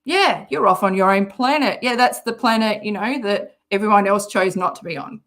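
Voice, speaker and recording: A woman's voice: mid-range voice, moderate pace, fairly bright tone. An Australian woman hosting a commentary channel, reacting to a clip in a sarcastic, mocking way and swearing often.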